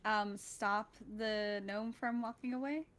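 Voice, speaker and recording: A woman playing a tabletop game in character, speaking in formal, flat, literal phrases. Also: on the high side, slow. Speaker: player.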